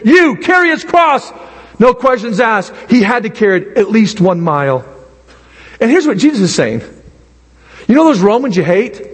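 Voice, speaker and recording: A man preaching a sermon to students, animated and emphatic, stretching out key words and acting out little scenes. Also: high voice, breathy edge. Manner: animated, drawn-out emphatic preaching with acted asides. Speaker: pastor. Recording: long hall reverb.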